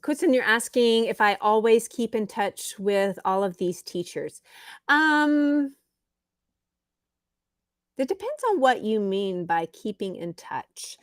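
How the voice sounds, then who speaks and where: A woman's voice: mid-range voice, expressive, dry recording. A woman teaching English on a live stream, patiently answering viewers' chat comments. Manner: slow, patient, reads chat comments aloud.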